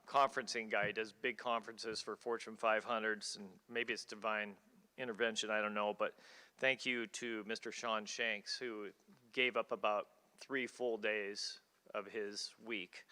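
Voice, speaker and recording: Bright-voiced man emceeing in a hall. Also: on the low side, smooth. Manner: casual, self-deprecating, rambling. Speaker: event organizer, emcee. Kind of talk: thanks and announcements at an awards ceremony. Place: college auditorium. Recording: hall reverb.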